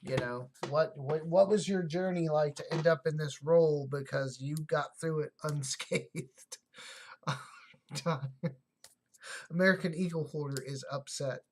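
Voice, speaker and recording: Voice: medium pitch, steady tone, slow pace, a little mellow, slight background noise. A livestream host in casual chat, thinking aloud while sorting coins and answering viewer comments.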